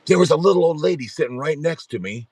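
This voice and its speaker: A middle-aged man hosting a support group livestream, telling a story in a rambling, animated way and often restarting his sentences. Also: a little high, fast talker, breathy edge, no echo.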